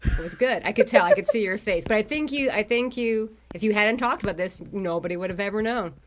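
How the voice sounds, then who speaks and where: A woman's voice: medium pitch, fairly quick, a little hiss or hum. A woman co-hosting a book club podcast, talking casually in a wry, teasing way. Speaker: podcast co-host.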